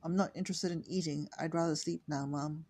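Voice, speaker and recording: Reader voicing a weary upset young woman, storybook, gravelly, husky. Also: mid-range voice, fairly even intonation, fairly quick, darkish tone. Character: upset young woman, lonely after a party.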